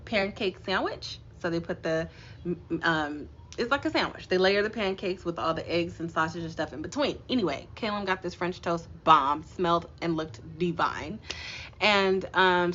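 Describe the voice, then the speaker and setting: A woman from the Los Angeles area telling a story to her live-stream audience, animated and self-mocking, laughing often. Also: fairly low pitch, dull audio, slight background noise. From Los Angeles area, California.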